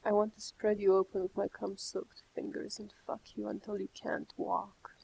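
A woman reading a story aloud, voicing an intense young man in a breathy near-whisper. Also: medium pitch, monotone, slow pace, darkish tone, slight background noise, rough recording. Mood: hushed intense.

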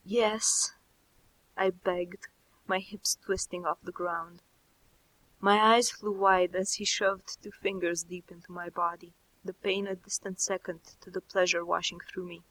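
A woman narrating a first-person story in a soft, slow, intimate reading. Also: fairly low pitch, little pitch movement, low-quality recording. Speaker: audiobook narrator.

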